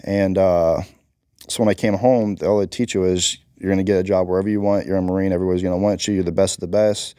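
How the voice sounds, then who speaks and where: A man's voice: low-pitched, steady tone, quick pace, warm tone, smooth, no echo, clean studio sound. A man who is a Marine combat veteran, talking bluntly and emphatically as an interview guest. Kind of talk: candid interview talk.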